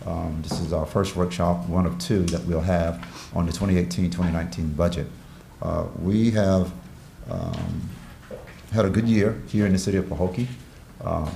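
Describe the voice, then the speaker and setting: A man, the city manager, presenting a budget at a city meeting in a measured, hesitant way with many fillers. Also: deep voice, gravelly, warm tone. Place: city commission chamber. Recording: echoey council chamber, faint noise.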